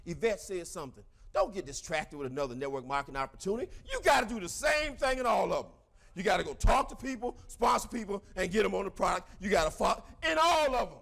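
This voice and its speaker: Fiery, high-pitched male motivational speaker. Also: lively intonation, quick pace, vocal fry. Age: middle-aged. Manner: fiery, preacherly, bursts into shouts. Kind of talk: motivational speech to a crowd.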